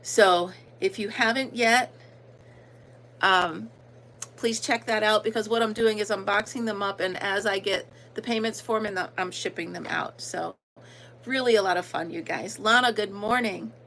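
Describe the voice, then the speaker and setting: A woman's voice: medium pitch, normal speed, a bit bright, a little hiss or hum, low-quality recording. A woman with an American country accent hosting a casual livestream, chatting and greeting viewers by name with plenty of ums. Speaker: livestream host.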